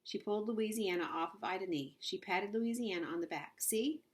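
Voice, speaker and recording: A woman reading a children's novel aloud in an unhurried storytelling manner, with small slips. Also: medium pitch. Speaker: audiobook reader.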